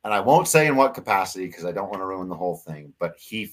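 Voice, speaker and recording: A man's voice: low-pitched, lively intonation, fast talker. A man co-hosting a casual sports podcast, talking earnestly and getting emotional, with frequent laughs. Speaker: podcast co-host.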